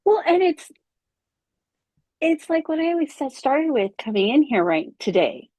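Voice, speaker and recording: A woman's voice: high-pitched, very animated, normal speed, a little mellow, dry recording. A woman guest on a podcast, chatting casually and telling an emotional story with animation. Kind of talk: casual chat.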